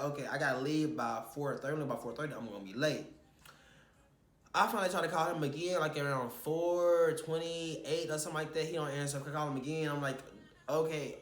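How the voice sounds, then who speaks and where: Recorded with a roomy sound, a young man whose voice sits on the high side vlogs casually about a stressful shoot. He rambles in an animated way and swears while recounting what frustrated him.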